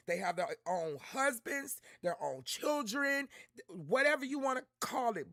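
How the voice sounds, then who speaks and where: Fairly high-pitched and bright, this woman's voice swings widely in pitch as she talks unhurriedly on a casual livestream. She reacts to content and speaks heartfelt, slangy words to her chat, in studio-quality audio with no room sound.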